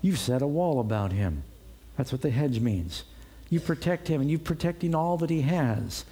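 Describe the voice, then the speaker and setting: A man's voice: mid-range voice, dark tone, husky. A male pastor preaching through a Bible passage in a conversational way, often asking the congregation rhetorical questions. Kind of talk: expository sermon.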